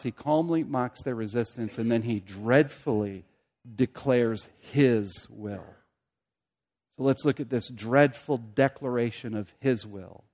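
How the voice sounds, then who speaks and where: A man delivers an expository sermon, moving between loud, emphatic high points and quiet, low asides. He leans on rhetorical questions and repeated phrases to drive his points home.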